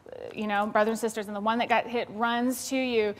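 A woman's voice: a little high, flat delivery, a little fast, long reverb tail. A woman who is a school administrator, giving a conversational parenting seminar and acting out examples for the audience. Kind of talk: seminar talk. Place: seminar hall.

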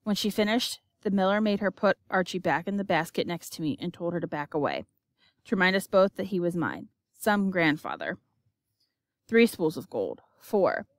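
A woman giving an expressive, measured audiobook narration. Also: fairly low pitch, no room sound, clean studio sound.

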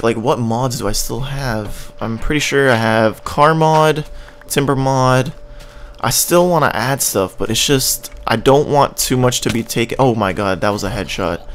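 A gaming channel host with a Canadian accent gives casual gameplay commentary, rambling and joking as he plays and now and then humming or scatting little tunes. His voice is medium-pitched and unhurried, with slight background noise.

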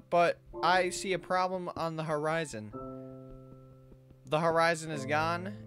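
A young adult playing a video game alone and commenting, excitable, talking to the game's animals and yelping when startled. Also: mid-range voice. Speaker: let's play gamer.

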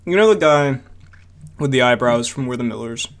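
A man's voice: medium pitch, animated, normal speed. A man co-hosting a casual podcast, joking and laughing often. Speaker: podcast co-host. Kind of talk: casual chat.

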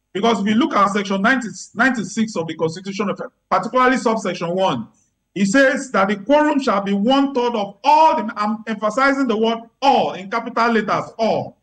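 Male legal commentator, emphatic and lawyerly, voice sits high. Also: fairly bright tone, poor audio. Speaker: legal analyst guest. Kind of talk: remote news interview commentary.

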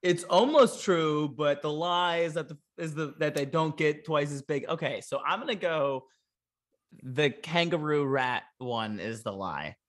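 A man's voice: fairly high pitch, expressive, measured pace. A man, a comedian guest on a podcast, telling jokes and stories in a casual, wry way. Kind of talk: casual interview chat, comic storytelling.

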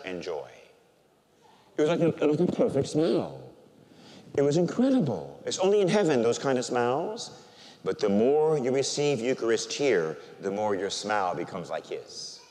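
An older man, a Catholic priest, preaching a sermon and telling a personal story with animated, emotional delivery that softens when he is moved. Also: mid-range voice. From United States. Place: large church. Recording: church hall reverb.

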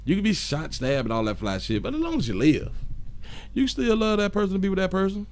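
A man's voice: high-pitched, very animated, fairly quick. A man hosting a casual live stream, reading viewer comments aloud and joking with a frequent chuckle. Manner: chuckles often, loose and joking.

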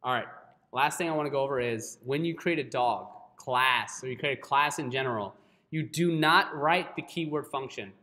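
A man's voice: medium pitch, moderate pace, sharp tone. A man teaching a live coding class, who keeps checking in with his students and often apologizes. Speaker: coding instructor.

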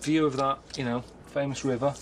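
A middle-aged man, grumbling deadpan through a travel show. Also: medium pitch, brisk, slight background noise. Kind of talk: reluctant travel show commentary.

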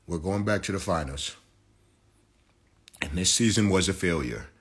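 A man's voice: low-pitched, moderate pace, breathy edge. A young man ranting profanely on a phone live stream about basketball, heated and mocking.

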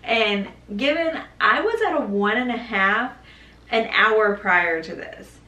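A young woman telling her own birth story in a casual, animated way, acting out what others said. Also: on the high side, slow pace. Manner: animated, acts out quoted voices, laughs. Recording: echoey room, mic at a distance.

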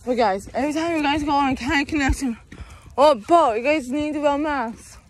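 A woman's voice: high-pitched, moderate pace. Breathless young woman vlogging outdoors. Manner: rambling, says "you guys" constantly. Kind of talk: casual vlog chat. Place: outdoors walking around town.

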